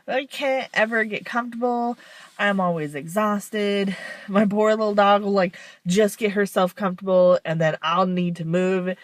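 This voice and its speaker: A woman's voice: mid-range voice, fairly even intonation, a little slow, no echo. A woman talking casually to camera in a rambling, frank way, with weary self-deprecating laughs. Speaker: vlogger. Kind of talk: casual confessional vlog.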